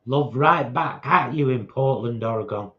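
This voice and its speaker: A man's voice: medium pitch, normal speed, highs cut off. A man co-hosting a casual livestream, adding short dry remarks and reading out a few comments. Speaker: co-host.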